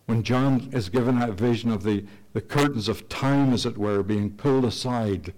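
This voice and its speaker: A man preaching a sermon, telling stories in an earnest, slow and emphatic way. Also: mid-range voice, darkish tone.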